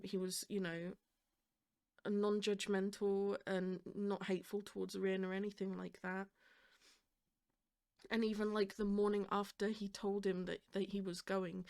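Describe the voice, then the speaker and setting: A woman's voice: mid-range voice, darkish tone. A woman hosting a reaction video, talking casually and rambling as she fights back emotion, often laughing nervously.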